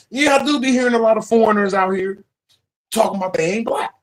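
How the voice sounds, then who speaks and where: A man's voice: high voice, a bit bright, poor audio. A man hosting a livestream, talking in a profane, rambling, emphatic casual rant. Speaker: livestream host.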